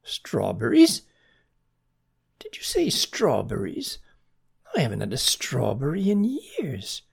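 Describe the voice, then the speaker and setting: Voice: mid-range voice, huge pitch swings, takes it slowly, gravelly, pauses often, breathy edge, exaggerated voice. A storyteller voicing a stern, suspicious female snail in a children's story. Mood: excited. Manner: suspicious, scolding. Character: stern fussy female purple-banded snail.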